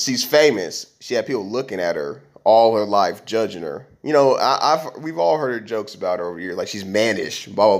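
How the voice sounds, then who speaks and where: Rambling man podcasting solo. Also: medium pitch. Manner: rambling, conversational, with many restarts and fillers. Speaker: podcast host. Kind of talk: casual monologue.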